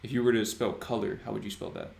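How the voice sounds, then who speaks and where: A man in his twenties hosting a casual livestream chat, relaxed and reading chat aloud. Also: lowish voice, fast talker, creaky, echoey room. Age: 20s. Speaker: livestream host.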